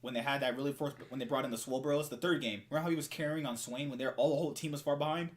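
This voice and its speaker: A man's voice: medium pitch, steady tone, very fast. A young man in casual esports debate chat, teasing and argumentative as he makes his points.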